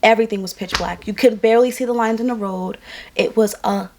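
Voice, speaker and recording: A woman's voice: on the high side, fairly even intonation, quick pace, a little mellow, a little hiss or hum. A young adult woman from New York tells a personal story to camera in a candid, emotional, conversational way, indoors at home. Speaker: vlogger. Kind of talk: casual storytelling vlog.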